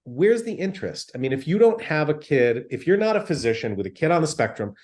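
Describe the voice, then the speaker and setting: A man's voice: fairly high pitch, big pitch swings, brisk, darkish tone. A man, a physician guest in an interview, explaining things emphatically with everyday examples and frequent check-ins.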